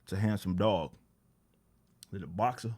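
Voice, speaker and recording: A young man reacting to a clip in casual commentary, mocking and repeating himself, rising higher as he gets animated. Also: moderate pace, husky. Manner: casual mocking, repeats words, rises in pitch when animated. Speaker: YouTube commentator.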